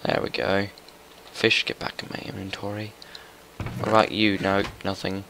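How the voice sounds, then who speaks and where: A young man giving casual, chatty commentary while playing a video game, muttering to himself and getting excitable. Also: sits low, moderate pace, gravelly, a little hiss or hum, rough recording. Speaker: gaming YouTuber.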